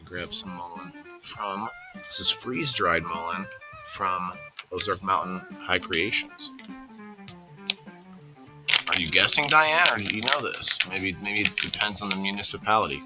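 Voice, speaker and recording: A man with a very low voice chats casually on a livestream. He rambles along in an easygoing way and greets his viewers by name. Guitar music plays clearly behind him. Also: unhurried. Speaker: livestream host.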